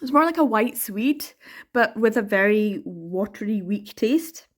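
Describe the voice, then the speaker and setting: A Scottish woman talking straight to camera in a relaxed reading vlog. She is chatty and expressive, laughs easily and drops in a curse word when she feels strongly. Her voice sits at an ordinary middle pitch. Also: a little slow. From Scotland. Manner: chatty and animated, laughs often, swears for emphasis. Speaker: manga reading vlogger. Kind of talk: casual reading vlog chat.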